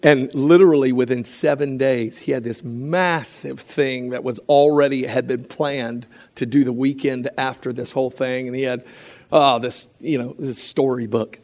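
Animated male preacher telling stories. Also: medium pitch, moderate pace. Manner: animated storytelling with acted quotes and frequent restarts. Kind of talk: sermon.

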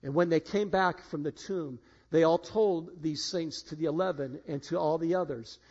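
A middle-aged man preaching a sermon as pastor, halting and repeating words, then building to emphatic peaks. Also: on the high side, darkish tone. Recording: muffled lo-fi sound.

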